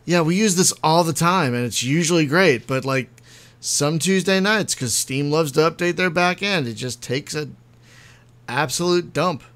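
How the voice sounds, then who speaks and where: A man's voice: a little high, normal speed, fairly bright tone. A man hosting a podcast in casual chat, talking freely and laughing often over an online voice call. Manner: chatty, laughs often, apologetic. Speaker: podcast host.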